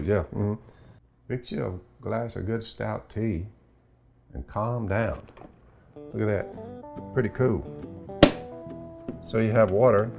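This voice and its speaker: A man's voice: mid-range voice, vocal fry, darkish tone. An older man, hosting his own show and giving folksy, plainspoken homespun preaching. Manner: drawling, plainspoken, acts out imagined dialogue. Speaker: show host.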